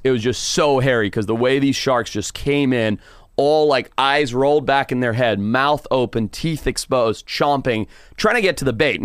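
A man spinning an animated, casual story on a podcast, cursing freely and laughing along. His voice sits in the middle of his range. It comes through a close mic in a dry, dead room. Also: medium pitch, clear, resonant tone, dry recording. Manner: animated, swears, laughs often. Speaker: podcast guest, wildlife TV presenter.

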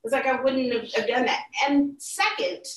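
A woman telling a personal story in casual chat, animated and acting out the people she quotes. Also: high voice, moderate pace. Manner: animated, acts out quoted voices, laughs through tears. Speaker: podcast guest telling a story. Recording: echoey room, mic at a distance.

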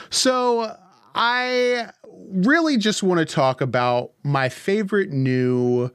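A man hosting a gaming podcast in easygoing chat, upbeat and quick to laugh. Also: high-pitched, fairly bright tone, smooth, no echo, studio quality. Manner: upbeat, chatty, laughs easily. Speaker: podcast host.

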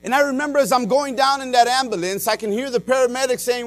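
A male pastor preaching a dramatic personal testimony, swinging between loud and hushed, with many "uh" and "amen" fillers. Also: very high voice, fast talker, few pauses, no echo. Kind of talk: sermon.

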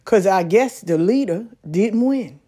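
Woman, porch monologue, folksy and animated, plain middle pitch, outdoors. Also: a little slow. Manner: folksy, animated storytelling with laughs. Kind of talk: casual monologue.

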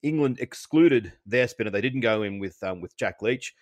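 A man's voice: on the low side, lively intonation, normal speed, no room sound. A man co-hosting a podcast, giving a chatty cricket analysis broken up by frequent ums and restarts. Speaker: co-host.

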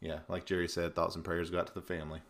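Low-voiced male podcast host. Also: flat delivery, rapid-fire, a bit bright. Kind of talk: casual sports podcast chat.

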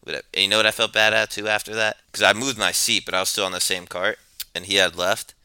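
Laid-back low-voiced New man. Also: level tone, fast, sharp tone, smooth, no room sound. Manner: laid-back, rambling, profane. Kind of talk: casual storytelling. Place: New York.

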